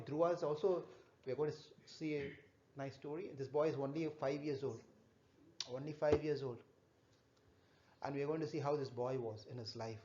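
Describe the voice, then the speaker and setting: A man teaching a children's class, retelling a scripture story in a halting way, repeating himself and stopping to ask the children questions. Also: mid-range voice, dark tone. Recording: echoey, dull room recording.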